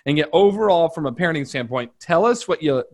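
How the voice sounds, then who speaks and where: A man's voice: on the high side, animated, fast. A middle-aged man hosting a podcast interview, chatting easily and sharing stories about his daughter in a reassuring way. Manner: conversational, shares personal anecdotes, reassuring. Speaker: podcast host.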